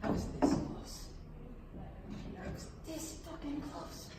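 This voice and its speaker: A woman's voice: medium pitch, very animated, normal speed, recorded from a distance, close to an everyday voice. A woman on a theatre stage playing a brash, foul-mouthed young guy who tells his story with swagger. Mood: boastful. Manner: cocky, profane, swaggering storytelling. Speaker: stage actor. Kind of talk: live theatre monologue. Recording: roomy theatre recording from afar, hiss.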